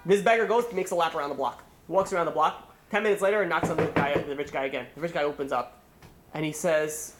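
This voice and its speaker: Fast-talking rabbi giving a lively sermon. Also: male voice, on the high side, slight background noise. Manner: casual storytelling, acting out characters' lines. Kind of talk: holiday sermon with stories.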